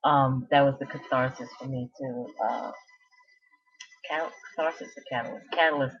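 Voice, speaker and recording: A woman with a bass voice chats casually on her vlog at normal speed, her intonation fairly even. She tells a meandering story full of asides and restarts, captured in a dull lo-fi recording.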